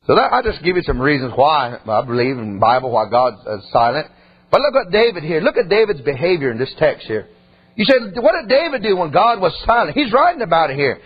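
A man preaching in a high, lively voice that climbs and dips all over. His talk is folksy and animated, peppered with asides to the congregation. The tone is slightly husky, and the recording sounds dull and lo-fi. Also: a little fast. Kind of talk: sermon.

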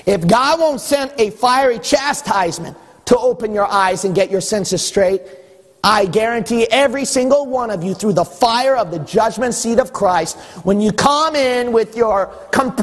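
A male pastor preaching a sermon in a church, emphatic and repetitive, rising at times to a shout. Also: very high voice, unhurried. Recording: long hall reverb.

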